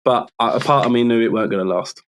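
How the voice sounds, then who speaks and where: A man's voice: medium pitch, fast, a little hiss or hum. A man with a London accent in casual podcast chat about football, chatty and teasing, laughing easily. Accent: London English. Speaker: podcast co-host.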